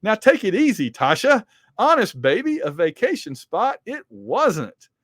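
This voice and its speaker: A man's voice: on the high side, quick pace, dry recording, studio quality, lightly acted. A man voicing a brash, wisecracking archer hero from a comic book.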